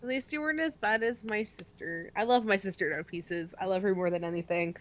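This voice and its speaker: A woman's voice: medium pitch, brisk. A woman co-hosting a podcast in casual, chatty talk, often restarting her sentences. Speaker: podcast co-host. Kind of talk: casual chat.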